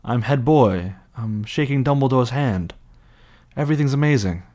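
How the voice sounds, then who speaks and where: A man voicing an eager young boy wizard, gushing in a raised, bright voice. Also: mid-range voice, expressive, normal speed, voice pushed up, natural voice.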